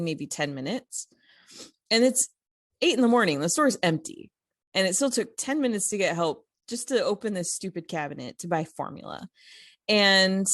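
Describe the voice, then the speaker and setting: A woman with a lowish voice chats on a podcast, recorded dry and close to the mic. She tells her story in a loose, animated way, full of "like" and "you know" and restarts. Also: no room sound. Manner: animated, many fillers and restarts. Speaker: podcast co-host. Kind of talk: casual conversational storytelling.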